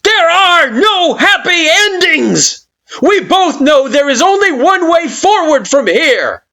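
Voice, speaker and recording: A man voicing a furious, vengeful child spirit who shouts with scathing scorn. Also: very high voice, big pitch swings, slow pace, pitched above the performer's own voice, full character voice. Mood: raging.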